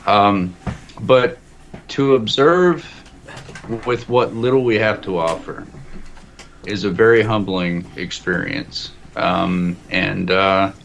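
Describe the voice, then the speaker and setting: Low-voiced man musing philosophically. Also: slow, vocal fry, a bit bright. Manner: rambling and philosophical, with many restarts. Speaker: guest. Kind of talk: roundtable discussion. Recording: muffled lo-fi audio with faint hiss.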